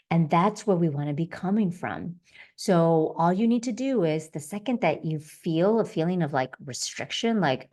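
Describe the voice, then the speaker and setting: A woman hosting a podcast, gently guiding listeners through self-compassion practices and repeating soft affirmations. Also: lowish voice. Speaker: podcast host. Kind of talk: self-help teaching talk.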